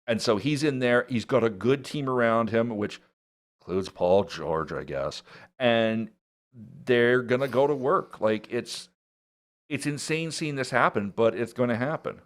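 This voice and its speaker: A man's voice: mid-range voice, measured pace. A man appearing as a guest on a talk show, talking basketball in a laid-back way with dry jokes. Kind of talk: casual sports chat.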